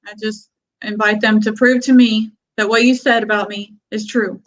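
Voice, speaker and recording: A woman with a Kentucky Southern accent, a guest speaking plainly and calmly in a casual interview. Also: mid-range voice, moderate pace, low-quality recording. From Texas-born, raised by Kentucky family. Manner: plainspoken, calm, lets out small laughs. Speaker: guest, gun-rights advocate.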